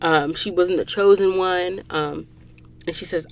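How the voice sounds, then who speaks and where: A woman hosting a podcast and recapping a book in a casual, animated way, acting out the characters' lines while sniffling from allergies. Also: lowish voice, measured pace. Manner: animated storyteller, acts out quoted lines. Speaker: podcast host. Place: recording booth.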